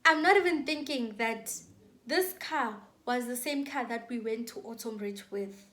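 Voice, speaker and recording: A woman's voice: fairly high pitch, normal speed, fairly bright tone. A young South African woman telling a dramatic storytime on her vlog, with lots of repetition and acted-out quotes. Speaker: YouTuber.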